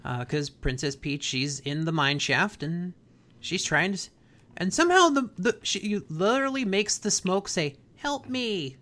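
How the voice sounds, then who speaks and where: Laid-back male host retelling a plot, lively in pitch and loose with slang. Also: normal speed. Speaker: podcast host. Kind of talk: casual chat, episode recap.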